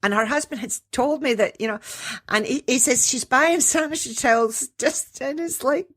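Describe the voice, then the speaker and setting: A middle-aged woman, a menopause coach and podcast guest, telling stories in a lively way, acting out what people said and laughing often. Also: high voice, moderate pace. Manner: animated storyteller who acts out quotes and laughs often. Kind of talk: casual interview chat.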